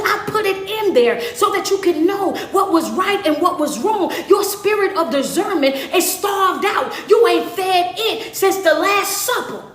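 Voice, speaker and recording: A woman's voice: extremely high pitch, slight background noise, voice pushed up. A woman speaking as God, a firm, fatherly male deity, laying out conditions in a laid-back, repeating way. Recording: roomy, distant mic, faint ambience.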